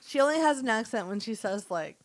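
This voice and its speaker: A woman's voice: on the high side, lively intonation, fairly quick, no room sound. A woman co-hosting a casual chat podcast, giggly and playful, given to silly voices. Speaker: podcast co-host.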